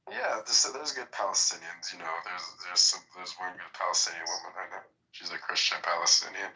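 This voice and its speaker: A man's voice: deep voice, fairly quick, sharp tone, low-quality recording. A man on a casual livestream chat who keeps needling another guest with provocative questions.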